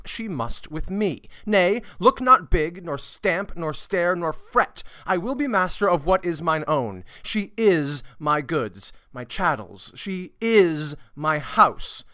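A man reading verse aloud as a bold, swaggering young male suitor, loud and emphatic. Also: high-pitched, dry recording, studio quality, voice pushed up, exaggerated voice.

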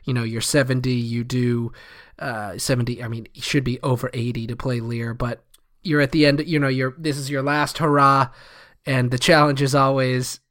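A man's voice: mid-range voice, little pitch movement, normal speed, fairly bright tone. A man co-hosting a casual theatre podcast, explaining a Shakespeare scene in a conversational way. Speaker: podcast co-host.

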